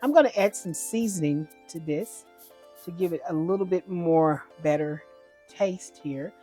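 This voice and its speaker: A woman's voice: on the low side, unhurried, warm tone, soft background music. A woman giving a casual cooking demonstration at home, chatty and homey, often correcting herself as she goes. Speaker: home cook.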